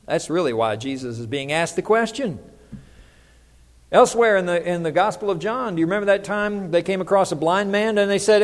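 A middle-aged male pastor delivers a conversational sermon. His voice sits high for a man, and he keeps turning to the congregation with questions. The sound carries a long reverb from the hall. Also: expressive, a little fast.

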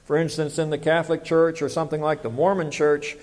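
A man's voice: fairly high pitch, little pitch movement, a little fast, darkish tone. A man, preaching a sermon as pastor, conversational and full of rhetorical questions. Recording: long hall reverb.

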